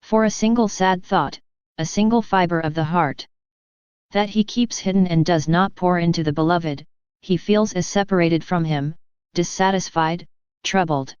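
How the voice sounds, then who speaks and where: A woman reading the lines of Jesus as a gentle, loving divine speaker, slow and solemn, in a devotional reading. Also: lowish voice, clean tone, dry recording, lightly acted. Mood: tender solemn. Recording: dull lo-fi dry recording.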